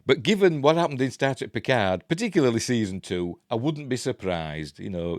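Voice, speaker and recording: A man's voice: on the low side, dry recording, studio quality. A man with a Yorkshire accent giving casual news commentary as a channel host, chatty and jokey, with frequent laughs and rambling asides.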